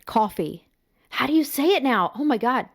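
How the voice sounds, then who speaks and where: A woman's voice: a little high, expressive, moderate pace. A woman co-hosting a podcast in casual, joking banter. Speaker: podcast co-host. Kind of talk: casual chat.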